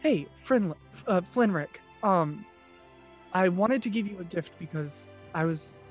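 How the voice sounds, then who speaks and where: A man voicing a gentle young woman who speaks haltingly in a tabletop role-play. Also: sits high, animated, faint music behind. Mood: apologetic. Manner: hesitant, stumbling. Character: gentle young woman giving an anxious gift.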